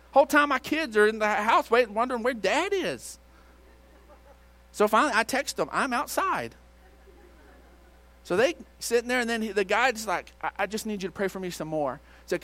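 A middle-aged male pastor telling a story in a sermon, shifting between loud outbursts and hushed retelling. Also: high voice. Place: church auditorium.

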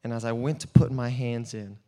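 An actor playing an earnest, desperate blind male beggar in a dramatic first-person monologue, swinging between hushed and loud storytelling. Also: mid-range voice, steady tone, brisk, natural voice. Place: church hall. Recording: long church hall reverb.

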